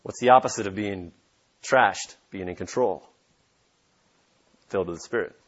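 Emphatic, husky male pastor preaching. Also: lowish voice, moderate pace, muffled recording. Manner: emphatic, repeats key points for stress. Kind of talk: sermon.

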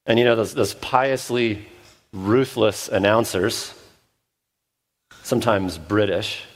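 Pastor, male, lowish voice, relaxed conversational sermon delivery with humor and stumbling restarts. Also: slow. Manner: conversational with self-deprecating humor; frequent restarts and fillers. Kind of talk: expository sermon. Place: church.

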